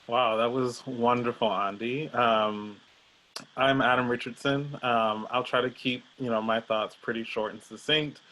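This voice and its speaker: A man speaking as a panel guest over a video call, relaxed and casual, with many fillers. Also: medium pitch, unhurried, poor audio. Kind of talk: casual reflective chat.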